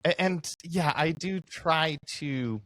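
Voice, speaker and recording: A man's voice: on the high side, slow, fairly bright tone, dry recording, studio quality. A man who works as a motorsport commentator, chatting in an easygoing, upbeat way on a podcast. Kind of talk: casual podcast chat.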